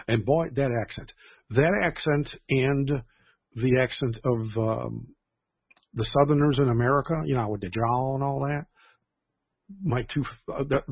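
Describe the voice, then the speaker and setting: A man's voice: mid-range voice, gravelly, husky, no room sound. A man hosting a church livestream in a casual, rambling way, often restarting his sentences. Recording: tinny phone-like sound.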